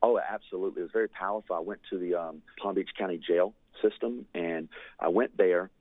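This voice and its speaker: A man's voice: low-pitched, brisk, no room sound. A man telling a fervent ministry testimony in an earnest storytelling way, full of "you know" fillers. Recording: dry, tinny phone-like line.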